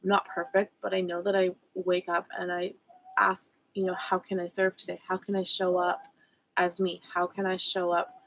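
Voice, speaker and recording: A woman's voice: lowish voice, fairly bright tone, low-quality recording. A woman speaking as a spiritual coach in a personal vlog, candid and reflective, with frequent fillers and self-corrections. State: emotional.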